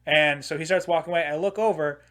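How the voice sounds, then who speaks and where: A man's voice: on the high side, quick pace. Profane, rambling young man telling stories. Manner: rambling, profane, many filler "like"s; animated, laughing at his own jokes. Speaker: podcast host. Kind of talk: casual comedic storytelling.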